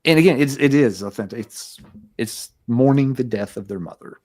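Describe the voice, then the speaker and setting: A man's voice: mid-range voice, normal speed, darkish tone. A man co-hosting a music podcast, chatting casually and rambling with many fillers and restarts. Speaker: podcast co-host. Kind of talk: casual music review chat.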